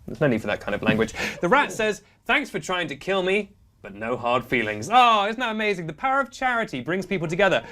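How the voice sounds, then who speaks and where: A man's voice: a little high, quick pace, few pauses, a little hiss or hum. Giggly man hosting a live stream. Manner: playful, giggly, animated banter. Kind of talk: comedic charity live stream.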